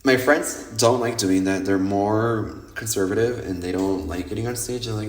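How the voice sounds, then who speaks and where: A man hosting a podcast, telling nightlife stories in a lively, casual monologue that is full of swearing, and acting out what other people said. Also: fairly low pitch, moderate pace. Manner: animated, swears freely, acts out quoted people. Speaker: podcast host. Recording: roomy echo.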